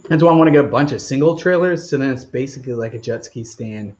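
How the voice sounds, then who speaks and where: A man's voice: medium pitch, fast talker, a little mellow, lo-fi sound. A man hosting a live stream Q&A outdoors, rambling casually as he reads out viewer comments. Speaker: channel host.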